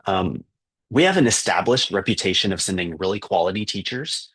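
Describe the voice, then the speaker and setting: A man's voice: low-pitched, animated, fairly quick, fairly bright tone, slightly rough. A man, a missionary teacher, earnestly telling a story for fundraising, with fillers and restarts.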